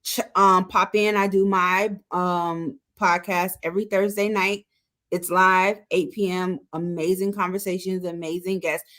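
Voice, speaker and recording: A woman's voice: fairly low pitch, measured pace. A woman guest on a podcast who is an author, casually plugging her social media, her book and her own show, with many fillers. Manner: relaxed, self-promoting, with frequent fillers.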